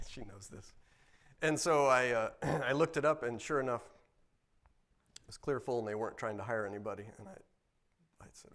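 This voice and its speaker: Middle-aged man from Ohio, church guest speaker, plain mid-pitched voice, rambling, casual testimony. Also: moderate pace, fairly bright tone. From Ohio, United States. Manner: rambling, with many restarts and filler words. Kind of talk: personal testimony in a church service.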